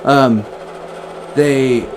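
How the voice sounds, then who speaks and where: A man's voice: mid-range voice, drawn-out words. Rambling male radio host, noisy background. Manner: rambling, laughing, excitable. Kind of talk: casual radio chat.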